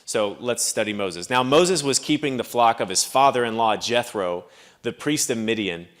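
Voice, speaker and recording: A man's voice: medium pitch, fairly bright tone. A man preaching a sermon in a church, teaching in a conversational way with frequent asides and thinking aloud. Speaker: pastor.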